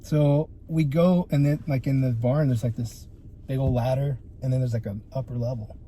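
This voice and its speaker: A man's voice: medium pitch, moderate pace, husky. A young man telling stories as a guest on a casual podcast, swearing freely and peppering his talk with "dude" and "like.". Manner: animated, profane storytelling with lots of "dude" and "like". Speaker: guest photographer.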